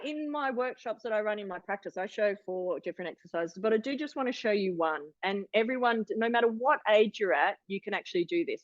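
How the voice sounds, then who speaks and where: On a video call, a woman in her forties with a mid-range voice hosts an online wellness workshop. Her talk is chatty and encouraging, full of restarts, and the audio has no room sound and clipped highs.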